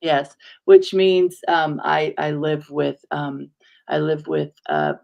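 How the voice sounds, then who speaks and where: A woman with a heavily gravelly, creaky voice talks in a warm, halting conversational way. She pauses often and searches for her words. She sounds like a minister sharing something personal on a talk show. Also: low-pitched, sing-song, muffled recording. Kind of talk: casual heartfelt conversation.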